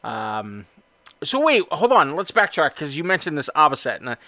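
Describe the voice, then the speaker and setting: A man's voice: a little high, very animated, moderate pace, bright, forceful tone, no echo. A man hosting a podcast in casual, upbeat chat with plenty of fillers. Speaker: podcast host.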